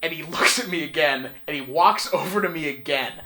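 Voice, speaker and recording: Bright, animated man telling a story. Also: on the high side, a little fast. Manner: animated, swearing, laughing through his story. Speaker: podcast co-host. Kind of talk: casual storytelling chat.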